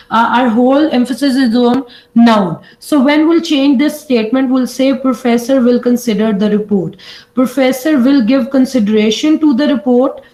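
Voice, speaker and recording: A woman's voice: high voice, darkish tone, poor audio. A woman teaching an online class, hesitant and often restarting words. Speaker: lecturer.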